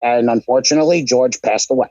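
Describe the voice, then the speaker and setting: A man's voice: mid-range voice, fast talker, darkish tone, dry recording. A man co-hosting a wrestling podcast in casual, profane banter, telling stories full of quoted voices. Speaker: podcast co-host. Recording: dry, dull lo-fi sound.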